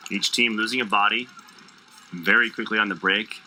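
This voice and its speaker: Joking male sports commentator, bright voice. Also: on the low side, fairly even intonation, normal speed, a little hiss or hum, rough recording. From Illinois. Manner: joking, playful banter, stumbles over names. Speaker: play-by-play commentator.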